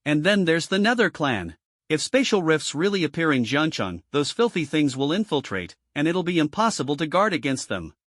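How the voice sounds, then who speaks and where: A man reads a grave old mentor in a storybook recap, warning a young man of hidden dangers. The delivery stays serious while the pitch still moves lively. The sound is dry and close. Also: moderate pace, dry recording. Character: grave old male elder, cautious mentor.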